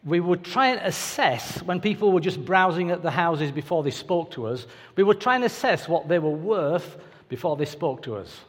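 Guy preaching, high lively voice, bit husky, big echoey hall. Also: moderate pace, few pauses. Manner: conversational, anecdotal, playful asides. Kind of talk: sermon. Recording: reverberant hall.

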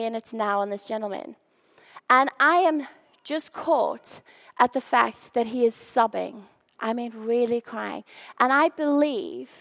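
A woman preaching through a personal story, animated and self-deprecating, acting out the scenes she describes. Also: high voice. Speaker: speaker sharing faith stories. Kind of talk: storytelling sermon.

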